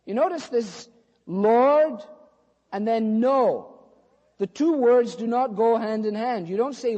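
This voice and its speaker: A man preaching a sermon, animated as he acts out dialogue between biblical figures. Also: high-pitched, unhurried, highs cut off. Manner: animated storytelling, acting out dialogue. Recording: long reverb of a hall.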